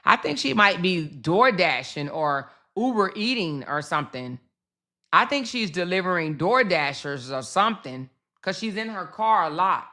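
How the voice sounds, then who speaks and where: A woman's voice: fairly low pitch, normal speed. A woman hosting a casual livestream, talking animatedly straight to her chat and laughing often as she comments. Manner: chatty, animated, talks to her chat directly.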